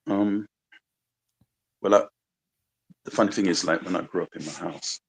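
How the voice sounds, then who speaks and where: Deep gravelly London man with an American twang. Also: steady tone, normal speed, low-quality recording. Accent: London with a slight American twang. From London, England. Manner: reflective, rambling, full of "you know" and "like". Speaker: musician guest. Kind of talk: casual radio interview chat.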